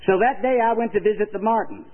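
Earnest older preacher on thin radio. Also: male voice, high-pitched, fast, narrow, tinny audio. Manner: earnest and emphatic, telling stories. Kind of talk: evangelistic sermon.

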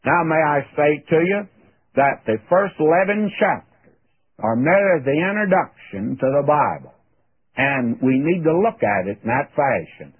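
Husky man teaching Bible on old radio. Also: a little high, very animated, moderate pace. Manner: folksy, earnest, addresses listener as "my friend". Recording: tinny old radio broadcast.

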